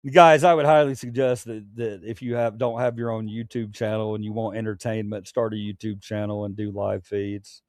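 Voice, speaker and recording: A man's voice: on the low side, level tone, moderate pace, hardly any pauses, darkish tone, dry recording, studio quality. Rambling, stammering male livestream host. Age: adult, past his youth. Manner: rambling, stammering restarts, candid and profane. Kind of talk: casual late-night livestream chat.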